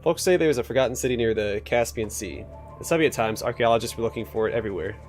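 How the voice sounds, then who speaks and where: A man's voice: medium pitch, fast talker, a little mellow, faint music behind, natural voice. A man voicing a proud male militia officer in a game, who talks in a boastful, matter-of-fact way.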